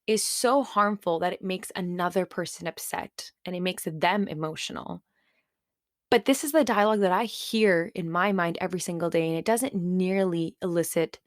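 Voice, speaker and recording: A woman's voice: fairly low pitch, no echo, studio quality. A young adult woman hosting a solo podcast, talking candidly and reflectively in a conversational way with plenty of fillers. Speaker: podcast host.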